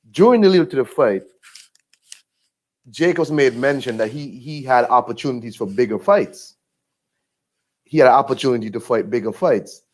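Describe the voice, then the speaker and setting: A man talking casually in a rambling, laid-back way with many fillers and restarts. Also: lowish voice. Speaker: boxing vlogger. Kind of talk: casual monologue.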